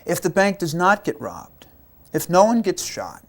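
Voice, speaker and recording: This army chaplain has a high-pitched, unhurried voice as he tells war stories in an interview. He acts out quotes with animation, often repeating words.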